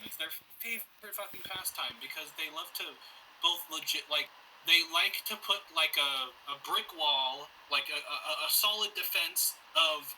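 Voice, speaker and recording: A man's voice: a little high, normal speed, bright, forceful tone, distant mic, poor audio. A man co-hosting a podcast in casual chat, rambling, profane and sarcastic. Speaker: podcast co-host. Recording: off-mic with faint hiss.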